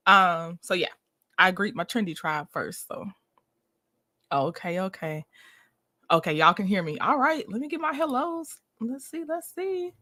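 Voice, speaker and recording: A woman's voice: mid-range voice, expressive, a little slow, bright, forceful tone. A woman hosting a casual live stream, upbeat and chatty, greeting viewers one by one and laughing often. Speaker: livestream host.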